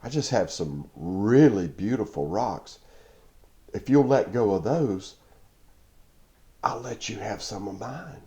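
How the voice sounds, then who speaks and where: A man voicing a gentle, patient father who speaks softly and unhurriedly to his little daughter. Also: fairly low pitch, expressive. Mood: gentle, coaxing. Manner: soft and unhurried.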